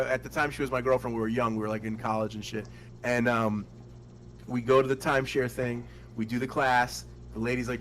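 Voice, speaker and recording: A man co-hosting a podcast in casual banter, a profane, animated storyteller who acts out voices. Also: medium pitch, slight background noise, rough recording. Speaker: podcast co-host.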